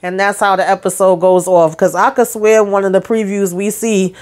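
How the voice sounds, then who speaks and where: A woman's voice: mid-range voice, moderate pace. A woman recapping a TV drama episode in a casual, chatty way, full of slang and side remarks. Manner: chatty, lively retelling with slang and asides. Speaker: TV show recap host.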